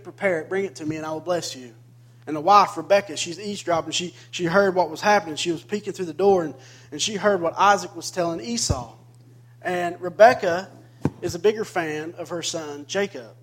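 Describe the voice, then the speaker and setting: Male pastor, fairly high voice, storytelling sermon, humorous asides, builds to emphatic preaching. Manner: storytelling with joking asides, growing more emphatic. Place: church sanctuary.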